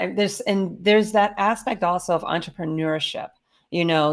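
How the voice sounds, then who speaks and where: A woman on an online panel speaks in a notably low voice. She works through her points reflectively, often pausing on "you know", and her voice comes through a video call. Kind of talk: virtual panel discussion.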